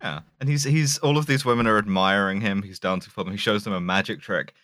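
Male co-host, low voice, dry close sound, sarcastic casual banter. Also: fast talker, no echo. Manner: animated, sarcastic, swears freely. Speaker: podcast co-host. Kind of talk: casual chat.

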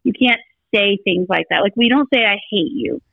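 A woman's voice: medium pitch, normal speed, gravelly, narrow, tinny audio. A middle-aged woman, a podcast guest, telling family stories in a casual chat and acting out the voices of the people in them. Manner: animated storyteller acting out family dialogue.

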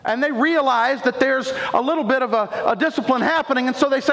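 A man's voice: very high-pitched, fast, hardly any pauses, fairly bright tone. A man preaching a sermon, dramatically acting out the words of biblical figures as he tells the story. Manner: dramatic, voices biblical speakers in retelling. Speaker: pastor. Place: church sanctuary. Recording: echoey hall.

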